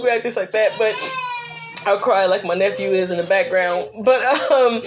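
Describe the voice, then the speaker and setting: Middle-aged woman, unscripted talk to camera, earnest and encouraging, tearful at moments. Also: mid-range voice. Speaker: grief vlogger and ministry leader.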